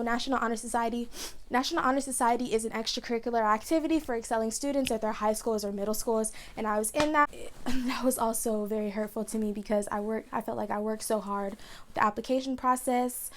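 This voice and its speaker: A young woman telling a personal story in a vlog, chatty and emotional, with lots of "like" as she talks. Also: fairly high pitch. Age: young adult. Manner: chatty, emotional, fast retelling with many "like"s. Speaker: vlogger.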